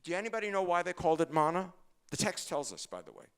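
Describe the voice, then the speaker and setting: An older man delivers a sermon full of quick asides and jokes. His voice is smooth and sits a bit high for a man. He rattles through his stories at speed. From Brooklyn, New York. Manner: fast-talking, joking, animated storytelling. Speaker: rabbi. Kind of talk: humorous sermon.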